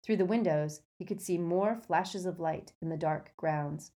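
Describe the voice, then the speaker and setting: Low-voiced woman reading a storybook. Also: unhurried, warm tone. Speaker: narrator. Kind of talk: storybook narration.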